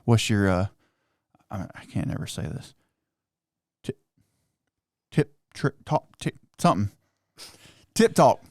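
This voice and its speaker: A man co-hosting a hunting podcast, teasing his partner and tossing out quick, joking remarks. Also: on the low side, expressive, a little mellow, no room sound. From North Carolina, US. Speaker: podcast co-host. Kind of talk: casual chat.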